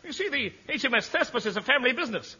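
An actor playing a pompous, bumbling old navy admiral who sputters and repeats himself in a 1950s radio comedy. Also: male voice, extremely high pitch, expressive, very fast, long reverb tail, full character voice. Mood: indignant. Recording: dull old radio recording, loud audience laughter and hiss.

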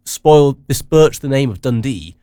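A man hosting a casual news chat, rambling with many halting restarts. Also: mid-range voice, lively intonation, dark tone, no room sound, studio quality. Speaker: radio show host.

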